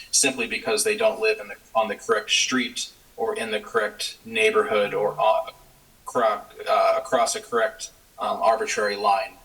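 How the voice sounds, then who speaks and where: A man giving earnest, halting public testimony at a council meeting as a community program leader. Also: on the low side, bright, forceful tone. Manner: earnest, halting, many fillers. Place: city council chamber. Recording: voice distant from the mic.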